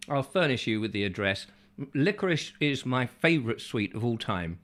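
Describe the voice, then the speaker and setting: A man's voice: medium pitch, animated, normal speed, fairly bright tone. Playful rambling man hosting a chatty show. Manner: playful, rambling, silly asides. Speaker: host. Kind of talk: chatty live show, reading viewer comments.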